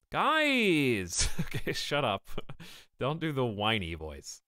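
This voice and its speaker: A man streaming a game live, reacting excitably and bantering with his chat. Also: mid-range voice, unhurried, smooth, no room sound, clean studio sound.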